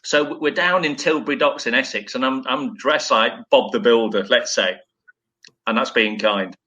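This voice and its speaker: A man's voice: mid-range voice, normal speed, sharp tone, highs cut off. A middle-aged man and former footballer, telling self-deprecating stories in a rambling, casual way.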